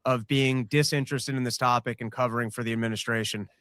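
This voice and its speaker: A man giving pointed political criticism in casual chat, with halting starts. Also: medium pitch, steady tone, a bit bright, smooth, no room sound.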